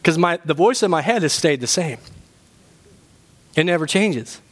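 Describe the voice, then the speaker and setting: A man with a notably high voice preaches a sermon to his church. His delivery is animated and humorous, and he climbs to emphatic points. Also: moderate pace. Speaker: pastor.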